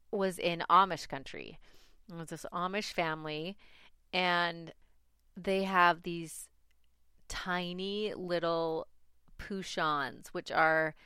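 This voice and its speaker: A woman's voice: on the low side, clean tone, no echo, clean studio sound. A mother casually telling a personal family story, chatty and laughing often as she talks. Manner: chatty, laughs often, animated when recalling panic.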